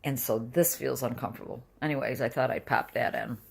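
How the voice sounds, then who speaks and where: A woman's voice: very deep voice, a little fast, vocal fry, slightly rough. A middle-aged woman talking casually in a home vlog, rambling with restarts. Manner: rambling, chatty, restarts often. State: dizzy and close to tears. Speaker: vlogger.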